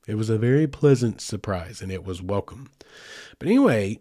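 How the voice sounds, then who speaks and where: A man's voice: fairly low pitch, animated, moderate pace, warm tone, no echo, clean studio sound. A man hosting a podcast, telling a road trip story in a loose, chatty way with many fillers and asides. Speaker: podcast host. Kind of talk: casual storytelling.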